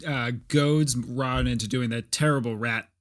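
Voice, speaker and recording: A man's voice: mid-range voice, fairly even intonation, unhurried. A man co-hosting a podcast, talking in a rambling, profane way with many fillers and restarts. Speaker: podcast co-host. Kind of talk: casual chat.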